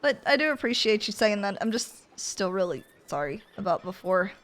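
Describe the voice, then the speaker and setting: A woman's voice: mid-range voice, big pitch swings, normal speed, fairly bright tone. A woman voicing an earnest, apologetic young frontier woman in a role-play game, using a folksy drawl.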